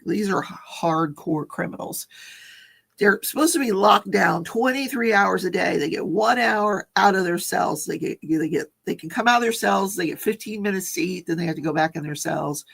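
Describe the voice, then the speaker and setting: A woman's voice: lowish voice, moderate pace, gravelly, slightly rough. A woman hosting a casual livestream chat, reading viewer comments and telling stories with frequent laughter. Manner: chatty, laughs often, storytelling. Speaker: livestream host.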